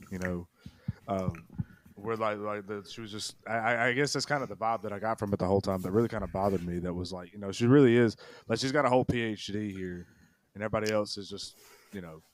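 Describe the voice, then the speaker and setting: A man co-hosting a movie podcast, talking loosely with lots of 'like' and trailing phrases. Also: lowish voice. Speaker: podcast co-host. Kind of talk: casual chat.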